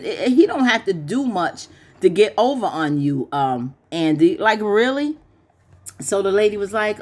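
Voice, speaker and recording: A woman hosting a casual TV recap, chatty and opinionated, laughing often and pitching her voice up to mimic the characters. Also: animated, moderate pace. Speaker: YouTube TV recap host.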